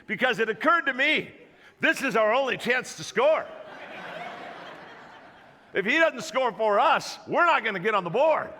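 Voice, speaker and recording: A man's voice: very high-pitched, animated, normal speed, long pauses, pushed and bright, a little hiss or hum. A middle-aged male pastor telling a jokey story in a sermon, acting out the voices as he goes. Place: church auditorium. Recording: long reverb of a church hall.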